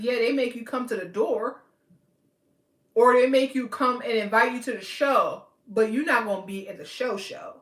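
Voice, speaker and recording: A woman podcast host delivers casual commentary in a blunt, preachy way. Her voice sits somewhat high for a woman. The room around her is echoey.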